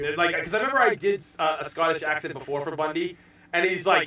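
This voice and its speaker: A man from the United States hosting a casual podcast chat, excitable, swearing freely and shouting out bits of impressions. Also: sits high, fairly quick, long pauses, very echoey, far from the mic. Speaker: podcast host.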